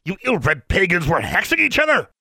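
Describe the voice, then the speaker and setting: Blustering, pompous bearded giant of a man, shouting high and wild, as the reader puts him on, dry close sound. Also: very animated, normal speed, gravelly, no room sound, full character voice. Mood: bellowing rage. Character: huge pompous bearded man, furious official.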